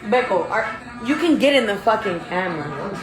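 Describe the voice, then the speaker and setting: A woman on a livestream, telling a long night-out story in a blunt, profane, animated way. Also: medium pitch, moderate pace. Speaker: livestream host. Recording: clear music behind the voice.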